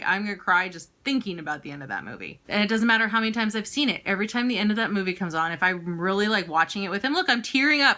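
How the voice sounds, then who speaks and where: A chatty woman in her thirties with a bright, forceful voice, rambling casually through a thrift haul. She drifts into quick asides and pokes fun at herself as she goes. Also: mid-range voice. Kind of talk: casual chat.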